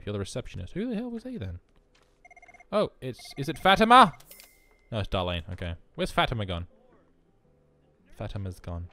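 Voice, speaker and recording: A man with a mid-range voice gives rambling, self-mocking let's play commentary alone in his room, packed with jokey asides. The recording has no room sound.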